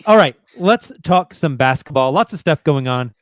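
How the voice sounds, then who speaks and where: A man's voice: mid-range voice, lively intonation, moderate pace, no room sound. A man hosting a sports podcast, chatting casually, joking and reading sponsor spots. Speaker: podcast host. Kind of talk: casual chat.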